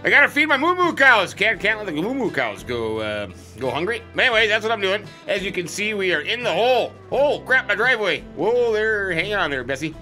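Folksy let's-play host, jokey and rambling, a bit high-pitched, bright, soft music behind. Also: male voice, lively intonation, brisk, few pauses. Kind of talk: role-play farming game commentary.

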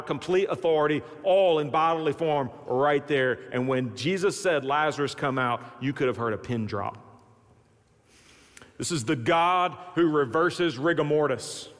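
A man's voice: on the high side, fairly bright tone. A man preaching a sermon as pastor, telling the story dramatically and acting out the voices of its people. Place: large church sanctuary. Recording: long reverb of a large hall.

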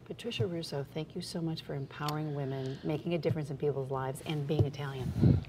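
A woman's voice: sits low, fairly even intonation, fast talker. A woman hosting a TV interview, asking chatty, teasing questions. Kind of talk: casual interview chat. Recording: audible background noise.

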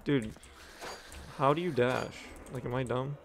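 A man's voice: medium pitch, a little slow, background noise. A young man giving casual, profane commentary as he plays a video game, talking offhand to himself. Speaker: gaming commentator.

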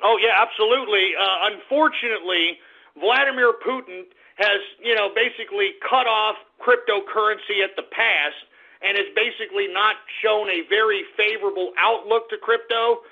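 A man hosting a call-in radio show, abrasive and yelling insults at his callers, heard with a tinny lo-fi sound. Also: high-pitched, moderate pace, gravelly. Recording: tinny lo-fi phone-line sound.

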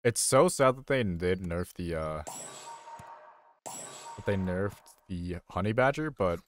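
A young man with a low-pitched, expressive voice takes his time commenting casually on his own game stream, with slight background noise. He thinks aloud into a desk mic, rambling and teasing himself.

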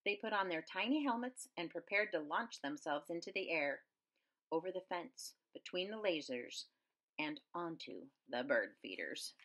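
A woman reading a children's picture book aloud with very expressive swings in pitch and loudness. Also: moderate pace. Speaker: storyteller.

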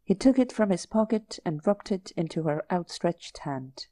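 A woman narrating an audiobook in a measured, unhurried storytelling manner. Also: fairly low pitch, expressive, dark tone, no room sound.

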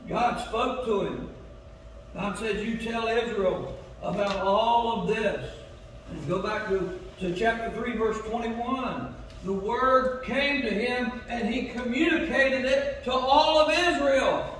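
A man preaching a revival sermon as pastor, swinging between loud urging and low asides. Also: fairly even intonation, slow, a little hiss or hum. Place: church sanctuary. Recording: echoey church hall from far off.

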